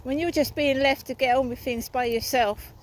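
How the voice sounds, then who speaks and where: A woman talks into her phone while out on a walk, rambling and aggrieved, swearing as she goes. Her voice sits a little high, and a faint hiss of outdoor noise runs underneath. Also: fairly even intonation, normal speed, rough recording. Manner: aggrieved, ranting, swears freely. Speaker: vlogger. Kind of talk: rambling walk-and-talk vlog.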